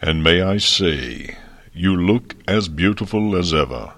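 A man voicing a huge, old, frank male dragon in a fiction reading, with a deep, thunderous voice. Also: expressive, unhurried, fairly bright tone, heavily acted. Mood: fond.

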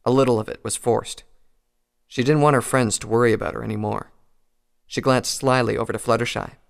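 A man narrates a pony story in a calm, even voice at mid pitch. His tone carries a steady gravelly fry. It is a plain, close reading with no music behind. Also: a little fast. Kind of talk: reading fan fiction aloud.

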